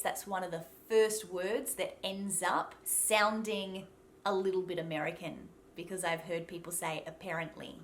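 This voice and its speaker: A woman's voice: fairly low pitch, a little hiss or hum. A young woman with an Australian accent, teaching pronunciation in a chatty, encouraging way. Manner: lively, chatty and encouraging, laughs often. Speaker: accent coach. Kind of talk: accent tutorial to camera.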